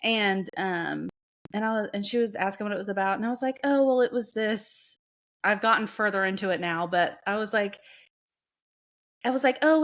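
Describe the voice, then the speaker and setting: A woman's voice: medium pitch, fairly bright tone. A woman co-hosting a podcast, telling rambling stories in casual chat and laughing often. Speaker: podcast co-host.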